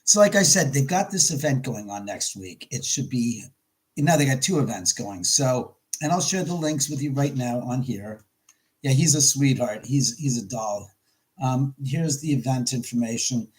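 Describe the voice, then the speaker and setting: A man's voice: mid-range voice, lively intonation, moderate pace, low-quality recording. A man hosting a casual live stream from his home, rambling and stopping to greet viewers by name. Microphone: camera mic on a live stream.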